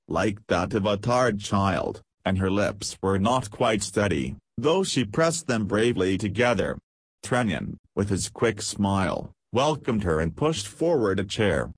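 A man narrating an audiobook in a measured, even storytelling manner. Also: fairly low pitch, husky, dry recording. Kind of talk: scripted narration.

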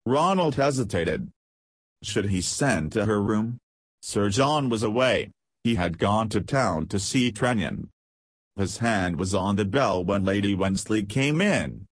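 Male audiobook narrator, low voice, dry close recording, measured pace. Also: animated, husky, no echo. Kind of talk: scripted narration.

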